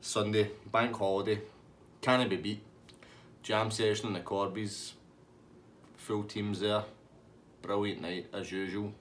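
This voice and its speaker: A man's voice: fairly low pitch, level tone, unhurried, pauses often. Scottish guy rambling thru a funny night out story, laughing, bit of faint noise. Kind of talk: casual comic anecdote.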